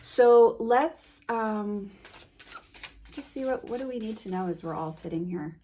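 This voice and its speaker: A woman vlogging an unboxing of a card deck, reading card names softly and gushing with emotion. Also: mid-range voice, expressive, normal speed, background noise. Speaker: tarot vlogger. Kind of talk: casual unboxing vlog.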